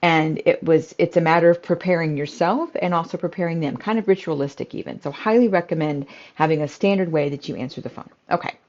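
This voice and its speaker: A middle-aged woman who runs a home care business, teaching in a calm, conversational way with frequent fillers. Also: deep voice, fast talker, hardly any pauses. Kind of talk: instructional talk to camera. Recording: slightly dull, lo-fi audio.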